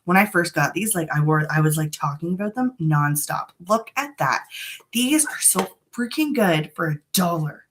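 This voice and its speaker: A woman's voice: on the low side, expressive, moderate pace. A woman chatting frankly and a little dramatically through a live makeup tutorial from her home. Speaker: beauty vlogger. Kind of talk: casual live makeup chat. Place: home room.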